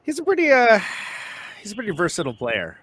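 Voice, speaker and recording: A man's voice: sits high, wildly swooping pitch, fast, a bit bright, slight background noise. A man hosting a music podcast, chatting casually and joking with his guest. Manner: laid-back, joking, chatty. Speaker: podcast host.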